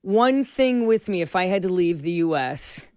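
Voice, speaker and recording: A woman's voice: fairly low pitch, animated, moderate pace, darkish tone, dry recording, clean studio sound. A woman co-hosting a radio show in casual chat, rambling and searching for words as she goes. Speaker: radio co-host. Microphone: studio microphone.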